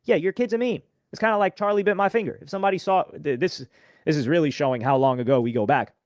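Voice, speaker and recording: A man co-hosting a casual live-stream commentary, talking quickly as he reads out and reacts to posts. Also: on the high side, no room sound, clean studio sound. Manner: quick, conversational, reading out and reacting.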